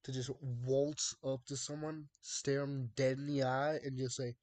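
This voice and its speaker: A man's voice: mid-range voice, level tone, normal speed, a little mellow. A young man chatting casually with his live-stream viewers, drawling and exasperated as he bounces jokes off the chat. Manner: drawling, exasperated banter with chat, laughs often.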